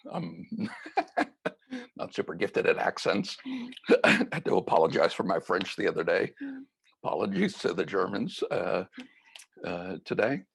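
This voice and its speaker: Deep husky guy doing a slow reflective mindfulness talk, gentle and chatty. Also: lively intonation. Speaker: mindfulness teacher.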